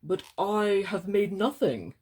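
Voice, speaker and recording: A woman voicing a lonely, gentle male bear in a storybook read-aloud, speaking humbly and a little sadly. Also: medium pitch, lively intonation, slow pace, breathy edge. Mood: wistful.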